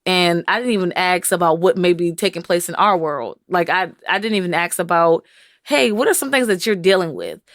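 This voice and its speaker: A young woman co-hosting a relationship podcast in casual chat, telling stories with lively quoted voices. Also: a little fast, dry recording, clean studio sound. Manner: animated storyteller, acts out quoted voices in a high pitch. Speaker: podcast co-host.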